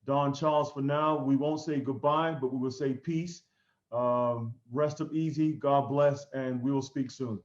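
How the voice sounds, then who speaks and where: A male podcast host speaks in a flat, even voice, formal and courteous, and fills his pauses with ums and uhs. The audio has a roomy echo and sounds dull and lo-fi. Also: mid-range voice. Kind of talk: interview sign-off. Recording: echoey, dull lo-fi room audio.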